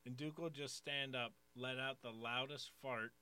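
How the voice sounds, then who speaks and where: A man in casual podcast chat, telling quick stories about his sons and laughing often. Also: mid-range voice, fairly even intonation, bright, forceful tone, clear, resonant tone. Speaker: podcast co-host.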